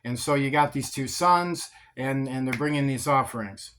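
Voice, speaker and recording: A man's voice: mid-range voice, normal speed, a bit bright. A man teaching a Bible passage in a casual, conversational sermon style, often sarcastic. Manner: conversational, sarcastic, repeats words when emphatic.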